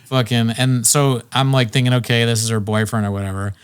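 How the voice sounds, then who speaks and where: A man's voice: mid-range voice, steady tone, brisk, clean tone. Rambling young man telling stories. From Virginia. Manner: rambling storyteller, acts out quoted people. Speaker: podcast co-host. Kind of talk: casual comedy podcast chat.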